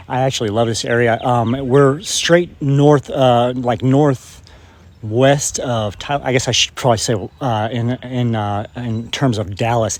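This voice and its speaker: A man from West Texas, rambling and emphatic in a casual spiritual vlog, his voice a bit hoarse, recorded outdoors in a field. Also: medium pitch, a little hiss or hum. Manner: rambling and emphatic, urging viewers. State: slightly hoarse. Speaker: spiritual vlogger.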